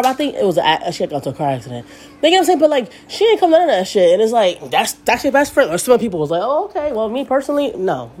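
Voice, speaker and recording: A woman in her thirties, a podcast host, telling a story as a casual, rambling rant and swearing freely. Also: mid-range voice. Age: 30s. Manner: animated, profane, rambling storytelling.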